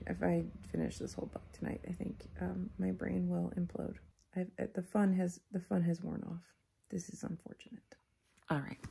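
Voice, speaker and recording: A woman's voice: on the low side, creaky, mellow, slightly rough. A tired American woman in a casual reading vlog, exasperated and rambling, sometimes dropping to a whisper. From United States. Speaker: book vlogger.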